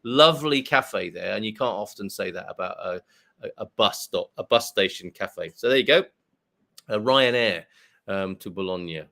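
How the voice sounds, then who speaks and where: A man's voice: on the low side, lively intonation, normal speed, creaky, pushed and bright. Rambling, jokey man hosting. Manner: jokey, rambling, self-mocking asides. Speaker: host. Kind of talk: live-stream chat, reading viewer comments.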